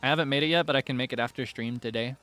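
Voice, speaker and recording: A young man casually chatting while streaming a farming game, playful and excitable with sudden squealing highs. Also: very fast. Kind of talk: casual game livestream chat. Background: faint game music.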